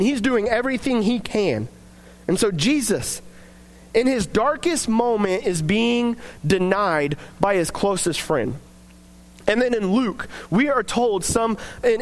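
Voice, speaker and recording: Male preacher with a very high voice, earnest, reads verses then talks them through. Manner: reads scripture aloud, then speaks plainly and earnestly. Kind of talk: sermon.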